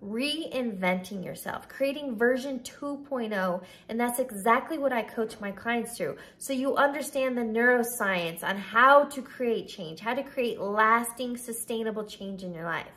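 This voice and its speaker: A woman in her thirties with a slightly high voice coaches her viewers. She speaks emphatically, stressing each word as she lists them one after another. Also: a little slow, few pauses, a bit bright. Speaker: life coach and podcast host. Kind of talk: motivational video talk to camera.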